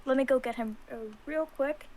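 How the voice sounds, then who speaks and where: A woman playing a tabletop game, chatting casually and quickly. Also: high-pitched, darkish tone. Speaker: player.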